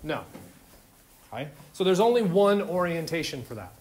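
A man's voice: on the high side, very animated, normal speed, a little mellow. A man lecturing a chemistry class in an informal, joking way, firing questions at his students. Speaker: chemistry instructor.

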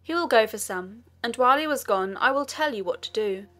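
A woman's voice: a little high, lively intonation, fairly quick, a bit bright. A woman voicing Aladdin, a desperate, earnest young man, in a pleading, urgent way. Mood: commanding.

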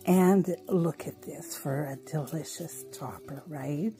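A middle-aged woman talks viewers through a recipe in her home kitchen, chatty and unhurried, with plenty of fillers. Her voice is low-ish, dark and mellow, and she speaks slowly. Faint music plays behind her. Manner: chatty, unhurried, with frequent fillers and little laughs. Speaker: home cooking show host. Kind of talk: casual cooking demonstration.

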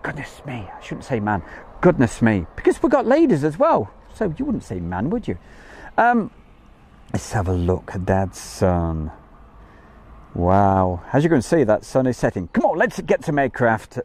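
A man's voice: mid-range voice, wildly swooping pitch, moderate pace, a little mellow. A man hosting a live stream outdoors from a campsite field, chatting in a jokey way and greeting viewers by name. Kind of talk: casual live-stream chat.

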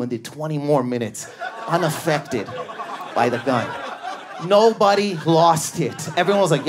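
A young man from Canada doing a high-energy, neurotic stand-up routine on a comedy club stage, acting out characters. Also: moderate pace, crowd noise. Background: audience laughing.

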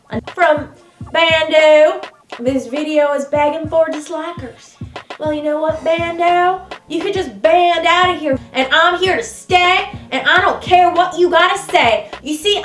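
Actress doing a high-pitched, sassy Southern US vlogger, indignant comedy character, echoey room, faint music behind. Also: female voice, measured pace, a bit bright. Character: brash Southern woman vlogger, touchy and boastful. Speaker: vlogger answering comments.

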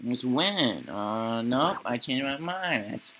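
Working his way slowly through a horror game, a young gaming channel host narrates whatever his character stumbles upon, rambling and joking in a half-frightened, half-playful way to himself. His medium-pitched voice is expressive, bright, slightly sharp and creaky. It's casual gameplay commentary.

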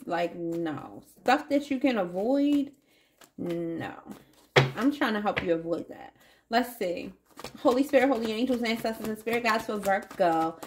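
A woman's voice: mid-range voice, a little hiss or hum. A woman giving a casual tarot reading to her viewers, chatty and playful, calling them baby and y'all. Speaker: tarot reader.

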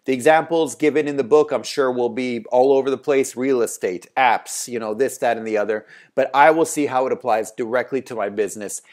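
Male host, mid pitch, loose rambling delivery, lots of ums and restarts. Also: brisk, hardly any pauses, a little mellow. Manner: rambling, conversational, many fillers and restarts. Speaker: translation agency owner, video host. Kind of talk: casual talking-head advice.

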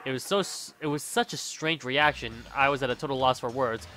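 A man's voice: mid-range voice, fairly quick, pushed and bright, faint music behind. A man hosting a let's-play, reading and voicing a game with rambling asides, swearing and laughing between lines. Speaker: gaming channel host.

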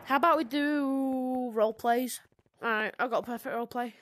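A young woman giving chatty, excitable commentary while playing a VR game, swinging from muttering to sudden shrieks. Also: high-pitched, moderate pace. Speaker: gaming video creator. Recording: noisy gameplay recording.

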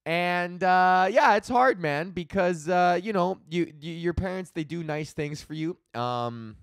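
A man's voice: high voice, measured pace, clean tone, dry recording, clean studio sound. A man of thirty hosting his own comedy podcast, rambling and swearing freely as he vents and laughs at his own jokes. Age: 30s. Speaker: podcast host. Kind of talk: casual solo comedy podcast rant.

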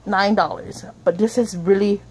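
A woman's voice: mid-range voice, fairly even intonation, normal speed, background noise. A woman in a casual home vlog, chatting straight to her viewers through a handheld camera. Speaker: vlogger.

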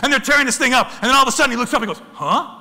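A middle-aged man giving an animated, excitable storytelling talk about wildlife photography, acting out the animals in funny voices. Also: extremely high pitch, very fast. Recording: long reverb of a lecture hall.

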